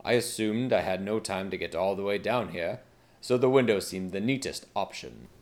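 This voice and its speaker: A bumbling young king from a comic fantasy story, whiny and earnest, as a man puts him on. He rambles sincerely and never seems to catch on. The voice stays fairly low. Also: animated, moderate pace.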